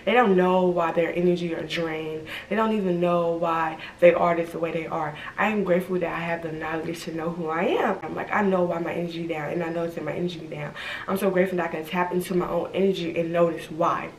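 A woman's voice: on the low side, fairly even intonation, fast talker, slight background noise. A young woman, rambling through a candid vlog at home, her speech slightly slurred by retainers. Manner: rambling, frequent "like" and "y'all". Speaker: vlogger. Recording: echoey room, distant mic.

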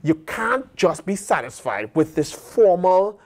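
A man preaching a sermon in a colloquial, animated way, acting out bits of dialogue. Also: high-pitched, slow. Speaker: pastor.

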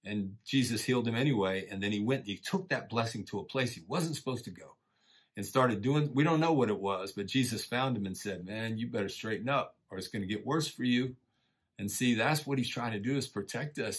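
A middle-aged man teaching a church lesson in a relaxed, folksy way, encouraging listeners and often saying "man" and "you know.". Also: medium pitch, normal speed, breathy edge. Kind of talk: casual conversational sermon.

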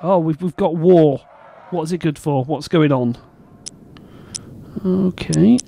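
A man's voice: fairly high pitch, slow pace, gravelly, dark tone, a little hiss or hum. A man hosting his own game show, chatting casually and rambling in a self-deprecating way while he plays. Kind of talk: casual gameplay commentary.

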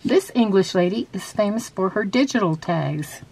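A woman's voice: medium pitch, lively intonation, normal speed, a little mellow, husky. A woman chatting casually about her handmade journal, with frequent ums and restarts, then reading out quiz questions. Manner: reads quiz questions aloud. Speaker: craft vlogger. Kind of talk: casual show-and-tell and quiz.

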